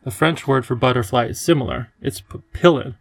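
Guy doing a cheery old professor who loves to lecture, gravelly, dry close sound. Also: mid-range voice, brisk, dry recording. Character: kindly eccentric elderly male professor.

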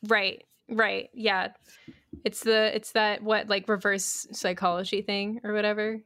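A woman hosting a podcast, easygoing and quick to laugh, with many hesitant fillers. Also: medium pitch, flat delivery, fairly bright tone, no room sound, clean studio sound. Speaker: podcast host. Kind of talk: casual chat.

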